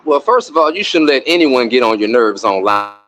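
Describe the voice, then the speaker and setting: A man's voice: medium pitch, lively intonation, moderate pace, a bit bright. A man who is a guest on a livestream panel, arguing his points in a lecturing way. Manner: argumentative, lecturing. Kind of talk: livestream debate.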